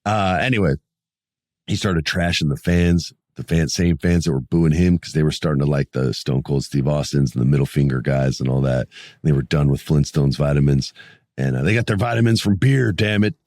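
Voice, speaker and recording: A man's voice: a bass voice, fairly quick, darkish tone, dry recording, studio quality. A man in his late forties hosting a wrestling podcast solo, rambling casually with jokes and plenty of swearing. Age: 40s. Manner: rambling, joking, swears freely. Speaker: podcast host.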